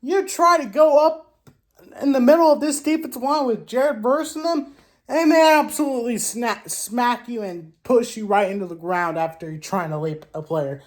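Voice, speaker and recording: Animated woman trash-talking sports teams. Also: a little high, moderate pace. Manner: animated trash talk with exclamations and rhetorical questions; frequent restarts and self-corrections. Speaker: sports show host. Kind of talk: casual sports commentary vlog.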